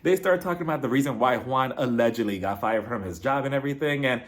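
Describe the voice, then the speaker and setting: A young man in a mid-range voice, chatting through a reality TV recap. He is sassy and animated, throws in snarky asides, and mimics the cast members he is talking about. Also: mid-range voice, quick pace. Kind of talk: casual episode recap.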